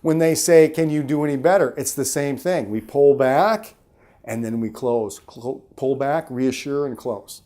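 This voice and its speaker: A middle-aged man, a sales trainer hosting his own show, giving an emphatic motivational talk that swings his pitch and loudness widely. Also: measured pace. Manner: emphatic, coaching, varies pitch and volume widely.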